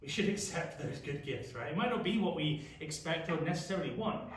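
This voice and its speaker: English youth pastor in an echoey room. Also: male voice, a little high, expressive, fairly quick. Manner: chatty, asks the group questions often. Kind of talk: casual youth Bible study teaching. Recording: echoey room, mic far off.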